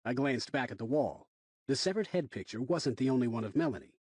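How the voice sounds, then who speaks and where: A man narrating a thriller audiobook in the first person, in an expressive, tense reading. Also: mid-range voice, brisk, slightly rough, no echo, studio quality.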